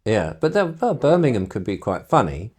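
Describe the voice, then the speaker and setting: British man, middle-aged, lowish voice, animated storyteller, laughs a lot. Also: normal speed, breathy edge. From Britain. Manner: animated storyteller, laughs often, acts out quotes. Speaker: broadcaster being painted. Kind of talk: casual chat.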